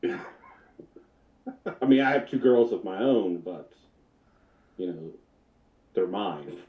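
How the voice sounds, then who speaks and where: A man playing a tabletop role-playing game, laughing often and talking in a halting, easygoing way. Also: low voice, lively intonation. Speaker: tabletop player. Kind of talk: casual tabletop role-play. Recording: echoey, muffled.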